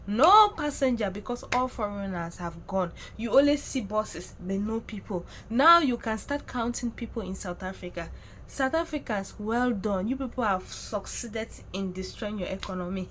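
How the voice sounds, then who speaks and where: Brief: young woman, casual vlog chat, teasing and excitable, slight hiss. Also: on the high side, unhurried. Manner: chatty, excitable, mocking, laughs often. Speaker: vlogger.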